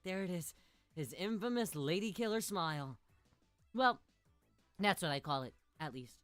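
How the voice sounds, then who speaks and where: A woman's voice: on the low side, expressive, moderate pace, soft background music. A young woman streaming a game, reading its narration aloud between playful, giggly jokes.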